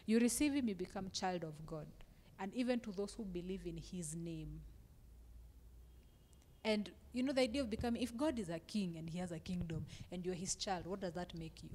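A woman's voice: on the low side, normal speed, a little mellow, in a large hall. A woman on a Christian youth panel, speaking animatedly and quoting scripture with emphasis. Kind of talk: casual Christian discussion.

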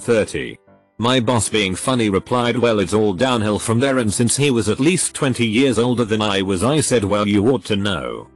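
A man reading reader-submitted stories aloud as scripted narration, saying the punctuation marks out loud in a flat delivery. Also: fairly low pitch.

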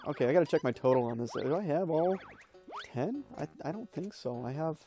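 Young man, gameplay commentary, rambling, lots of ums and laughs, mellow tone, soft music behind. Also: on the high side, animated, brisk. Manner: rambling, laughing storyteller with many fillers. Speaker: let's play host.

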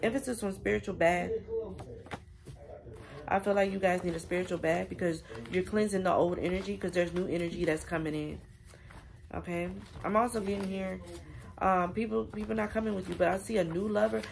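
A woman's voice: on the low side, steady tone, fairly quick, gravelly, a little mellow. A woman giving a casual spiritual reading, chatty and affirming, speaking straight to her viewers. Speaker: tarot reader.

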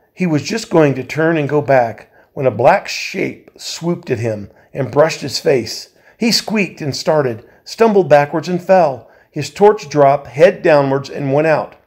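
A man, a volunteer reader, reading a novel aloud in a measured way, with occasional slips he corrects. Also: fairly high pitch, expressive, a little mellow, slightly rough.

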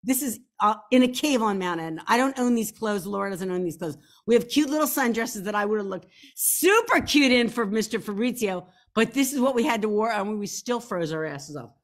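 A woman host, telling a story in a casual, chatty way, animated and playful with teasing jokes about herself. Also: medium pitch, fairly quick, few pauses. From Philadelphia. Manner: chatty, animated, playful and self-mocking, with whooping outbursts. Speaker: show host and novelist. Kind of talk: casual storytelling to camera, showing photos.

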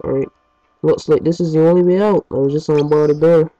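A man with a slightly high, mellow voice rambles chattily through gameplay commentary as a let's play host, dropping mild swears. He records in his home basement on a muffled, lo-fi track with game music playing underneath. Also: fairly even intonation, brisk.

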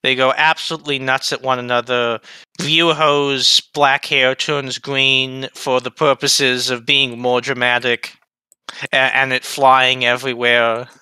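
A man's voice: medium pitch, level tone, measured pace, sharp tone, clear, resonant tone, dry recording. A man in a casual anime discussion, recapping the plot in long, rambling runs.

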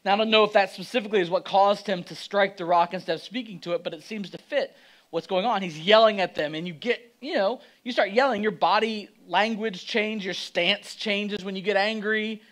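Male pastor preaching in a high, conversational, lively way. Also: brisk, rough recording. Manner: conversational, animated, acts out quotes. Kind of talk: sermon.

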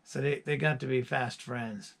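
A man's voice: mid-range voice, fairly even intonation, moderate pace, creaky. A musician chatting casually to his viewers, rambling through stories with chuckles. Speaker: musician presenting his album.

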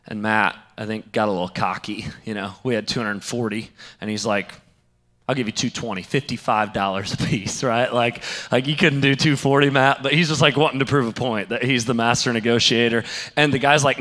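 A young man preaching a sermon, telling a story in a lively way and acting out the other people's lines. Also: medium pitch, moderate pace, in a large hall. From St. Louis area. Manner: animated, acts out quoted voices. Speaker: pastor.

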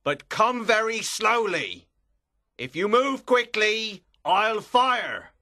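A woman voicing a wary male coach guard who shouts his commands. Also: mid-range voice, animated, takes it slowly. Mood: commanding.

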